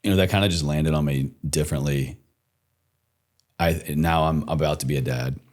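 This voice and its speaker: A young man hosting a podcast interview, reflective and measured as he shares advice. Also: very deep voice, fairly even intonation, darkish tone. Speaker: podcast host. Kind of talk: casual interview chat.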